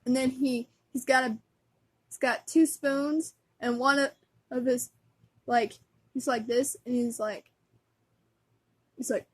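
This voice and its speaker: A woman's voice: high voice, steady tone, takes it slowly, long pauses. A woman vlogger chatting casually as a fan, giggly and rambling, with lots of fillers.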